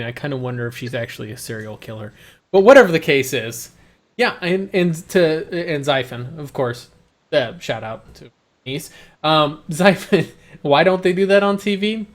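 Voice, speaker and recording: Animated man chatting on a gaming podcast. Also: fairly high pitch, normal speed. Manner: animated, swears freely, laughs while talking. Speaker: podcast host. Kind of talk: casual gaming podcast chat.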